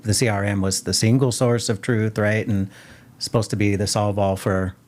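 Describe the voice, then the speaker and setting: Low-voiced male podcast host. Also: level tone, moderate pace, a little mellow, slight background noise. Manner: conversational, fills with "you know". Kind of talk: casual interview.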